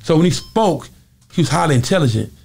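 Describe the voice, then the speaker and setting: A man who is a former singer, telling lively stories in an interview and acting out the voices of other people in them. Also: creaky, breathy edge. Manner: quick, lively storytelling, acting out quoted voices with big jumps in pitch. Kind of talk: animated storytelling interview.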